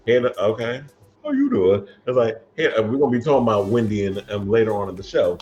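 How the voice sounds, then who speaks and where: Male host, low-ish voice, sassy and playful, faint music behind. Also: fairly even intonation, fast, a little mellow, dull audio. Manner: sassy, playful, swears casually. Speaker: panel show host. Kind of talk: casual chat.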